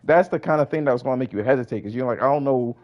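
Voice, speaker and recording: A man's voice: mid-range voice, very fast, dull audio. A man arguing heatedly in a casual debate, insistent and frustrated, swearing often.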